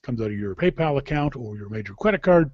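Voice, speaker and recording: A man from Canada hosts a casual podcast, talking in a rambling, chatty way at an ordinary middle pitch. His sound is dull and lo-fi, and it is dry, with no room echo. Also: animated, quick pace. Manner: rambling, chatty, with frequent restarts and laughs. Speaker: podcast host. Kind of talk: casual chat.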